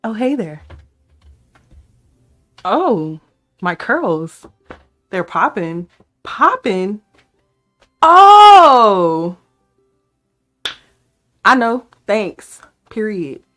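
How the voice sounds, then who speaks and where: A woman vlogger talking casually to camera in a playful, excitable way, hyping herself up. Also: medium pitch. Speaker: beauty vlogger.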